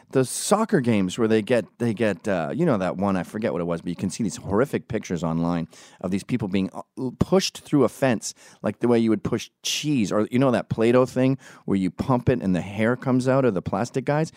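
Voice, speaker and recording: A man vlogging into his own camera in an animated, profane rant, mimicking the people he talks about. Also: fairly low pitch, fairly quick, no echo, studio quality. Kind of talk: ranting monologue to camera.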